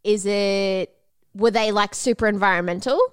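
A young woman co-hosting a podcast in brash casual chat, swearing freely and jumping up in pitch for effect. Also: fairly even intonation, normal speed, clean tone, no echo. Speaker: podcast co-host.

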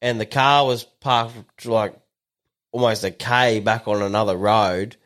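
Low-voiced Australian co-host. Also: male voice, steady tone, measured pace, fairly bright tone. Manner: swearing, rambling, grumbling. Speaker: podcast co-host. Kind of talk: casual chat.

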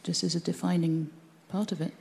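A woman from Birmingham, a folk musician, chatting with lively enthusiasm and frequent repeated words. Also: on the low side, brisk, creaky. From Birmingham, England. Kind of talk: casual interview chat.

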